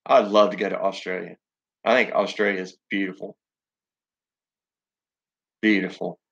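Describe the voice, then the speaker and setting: Southern man, rambling profane stream host, lowish voice, dull lo-fi sound. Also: flat delivery, moderate pace, vocal fry, a bit bright. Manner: rambling, profane, many ums and restarts. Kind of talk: casual live chat reading comments.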